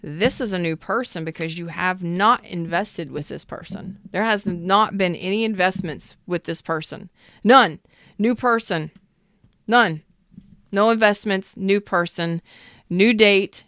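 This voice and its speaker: A woman's voice: on the low side, moderate pace, fairly bright tone, smooth, no echo, studio quality. Chatty, emphatic woman reading tarot. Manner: chatty and emphatic, with repeated phrases and asides; talks to viewers in the chat. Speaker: tarot reader hosting a live stream. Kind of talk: casual live tarot reading.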